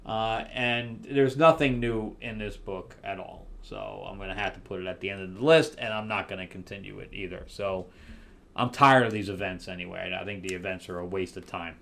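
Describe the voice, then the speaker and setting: A man giving a casual spoken review of comic books, candid and wry, pausing often with fillers and restarts. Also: fairly low pitch, steady tone, creaky. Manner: candid and wry, with loud incredulous outbursts; hesitant, many fillers and restarts.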